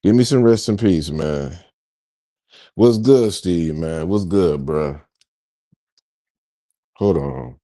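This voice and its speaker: A man's voice: low voice, slow pace, pauses often, warm tone. A man hosting a casual TV reaction chat, groaning and drawing out his words in mock mourning. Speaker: reaction show host.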